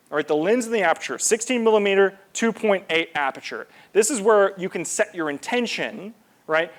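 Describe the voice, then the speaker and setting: Chatty man presenting at a conference. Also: high-pitched. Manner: casual, animated, lots of fillers and repeats. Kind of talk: live presentation to an audience.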